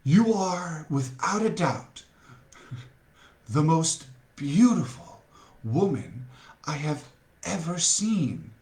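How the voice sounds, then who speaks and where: A man voicing a smitten young man in a read-aloud storybook, speaking softly and slowly in a low murmur. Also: sing-song, heavily acted. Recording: echoey room.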